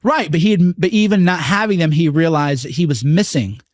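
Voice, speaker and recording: A man's voice: on the high side, brisk, no echo, clean studio sound. A man speaking candidly and earnestly as an interview guest, swearing freely and acting out quoted voices.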